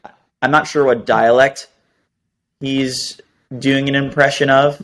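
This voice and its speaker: A man's voice: medium pitch, flat delivery, a little slow. A man co-hosting a casual review chat, thoughtful with a dry wit. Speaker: co-host.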